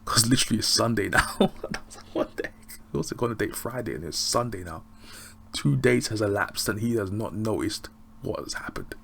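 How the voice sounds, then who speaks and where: A man giving a casual, rambling recap of a TV episode, excitable and often laughing. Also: fairly low pitch, gravelly, slight background noise. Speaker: TV show reviewer.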